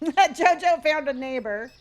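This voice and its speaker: Woman streamer from Southern California, casual chatter, pitch slightly high. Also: a little slow. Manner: chatty, reads viewer locations aloud with sudden excited gasps; talks to herself while playing a store game. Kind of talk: casual live-stream chat.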